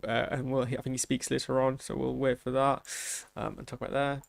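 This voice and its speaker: A man's voice: medium pitch, little pitch movement, fairly quick, gravelly, very noisy. A man hosting a reaction video in casual commentary, rambling and thinking aloud with many restarts. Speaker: trailer reaction host.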